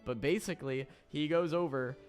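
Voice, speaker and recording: A man's voice: fairly high pitch, moderate pace, soft background music. A young man from Florida, chatting casually on a stream, swearing a lot and laughing often. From Florida, USA.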